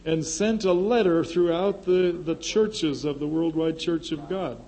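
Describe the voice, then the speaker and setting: A man's voice: fairly high pitch, measured pace, dark tone, poor audio. An older man, a former pastor, teaching a class in a classroom, earnest and emphatic, often repeating a key phrase with fresh stress. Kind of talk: classroom lecture. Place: classroom with a board.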